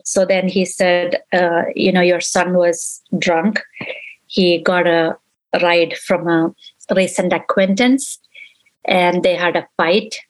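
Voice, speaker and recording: A woman's voice: lowish voice, low-quality recording. A middle-aged woman, a grieving mother in an interview, recounting events and acting out the dialogue she remembers. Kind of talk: emotional personal recollection.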